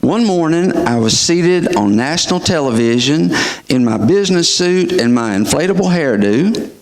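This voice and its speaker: A man's voice: on the high side, animated, moderate pace, reverberant. A man putting on a shaken woman TV host. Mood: unsettled. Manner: hesitant, groping for answers.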